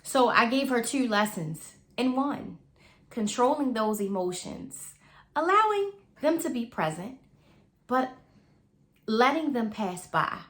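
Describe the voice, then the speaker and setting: Earnest woman giving casual advice. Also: fairly high pitch. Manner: earnest, conversational, speaks in loose repeating phrases. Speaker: mother sharing parenting advice.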